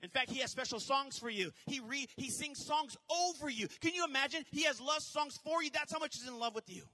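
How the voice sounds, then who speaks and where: A man preaching as a pastor, animated, with shouted peaks and quick quoted asides. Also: very high voice. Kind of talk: sermon. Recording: long hall reverb.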